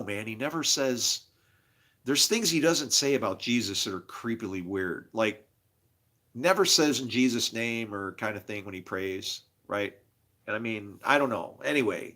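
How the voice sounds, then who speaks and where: A man's voice: mid-range voice, vocal fry, pushed and bright. A man talking straight to the camera in a rambling, agitated personal monologue, profane and jumping from story to story. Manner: agitated, profane, jumps between stories. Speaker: self-made video host.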